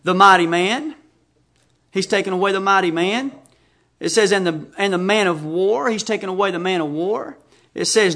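Male preacher, very high voice, emphatic sermon delivery, scripture reading mixed with anecdotes. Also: a little fast, fairly bright tone. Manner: emphatic, reads scripture aloud and tells anecdotes.

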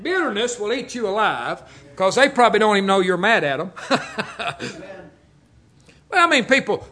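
A man's voice: high-pitched, big pitch swings, normal speed, sharp tone. An older man preaching a folksy, joking sermon, telling stories and chuckling often. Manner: jokey, storytelling, chuckles often.

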